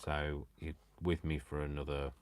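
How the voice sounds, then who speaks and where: Male craft host, very low register, casual live chat, jokes at his own expense. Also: completely flat delivery, normal speed, smooth. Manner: chatty, self-mocking, jokes to himself and the viewers.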